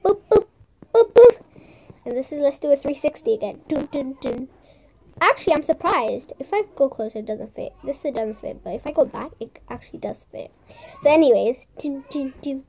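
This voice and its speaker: A young woman vlogger with a high, bright voice talks fairly quickly and expressively as she shows off squishies and slime. Bubbly and playful, she drops into soft whispers for ASMR moments and adds silly sound effects.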